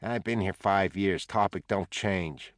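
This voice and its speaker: A man's voice: sits low, measured pace, no echo, studio quality. A man voicing a jaded male asylum orderly who talks bluntly and sardonically. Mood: sardonic.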